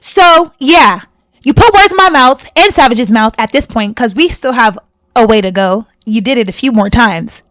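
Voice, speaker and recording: A fairly high-pitched woman hosts a reaction video, confronting someone with indignant, heated commentary. She hammers her points home by repeating them. Her voice sounds dry and close to the mic. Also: expressive, moderate pace, fairly bright tone, no echo. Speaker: reaction channel host.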